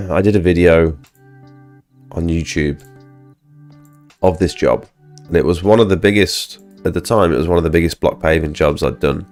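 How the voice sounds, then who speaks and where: Low-voiced man, ill, chatting. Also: moderate pace, darkish tone, soft background music. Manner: rambling, filler-heavy, chatting to viewers. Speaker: pressure washing business owner and live streamer. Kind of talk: casual live-stream chat.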